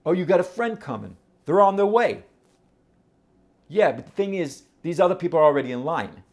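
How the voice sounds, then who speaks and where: A man's voice: a little high, sing-song, brisk, pitched above the performer's own voice. A man voicing a brash self-appointed line monitor who barks clipped orders and questions people in the queue. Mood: bossy. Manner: loud, clipped, commanding, questioning the crowd.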